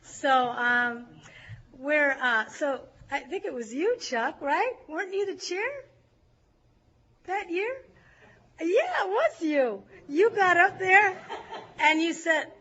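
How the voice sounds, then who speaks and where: A woman with a high, bright voice tells a story to a group, animated and quick to laugh. Her voice comes through a dull, lo-fi recording. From California. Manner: lively, laughs often, acts out shouting crowds. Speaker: speaker sharing a recovery story.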